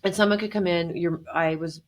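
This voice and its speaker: A woman speaking as a guest on a podcast, talking earnestly and warmly in a casual way, often acting out what people say. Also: fairly low pitch, fairly even intonation, fairly quick. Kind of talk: casual conversational interview.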